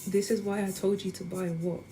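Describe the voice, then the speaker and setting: A woman's voice: mid-range voice, little pitch movement, brisk. A young woman in her twenties, chatting casually to viewers while she cooks. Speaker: student vlogger. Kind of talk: casual chat while cooking. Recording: loud background noise.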